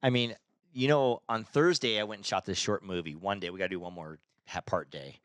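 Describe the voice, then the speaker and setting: A man's voice: lowish voice, fairly quick, dry recording, faint music behind. A middle-aged man co-hosting a casual podcast chat, rambling and often stumbling over his words. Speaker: podcast co-host.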